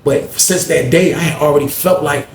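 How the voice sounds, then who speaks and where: A man telling a story in casual, slang-heavy talk, getting loud when he acts out arguments. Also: on the high side, normal speed, echoey room, slight background noise. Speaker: storyteller host.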